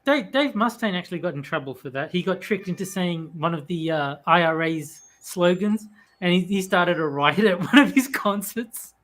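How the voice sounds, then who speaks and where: A man's voice: high-pitched, expressive, normal speed, a bit bright. A man hosting a casual podcast chat, telling rambling anecdotes full of ums and restarts.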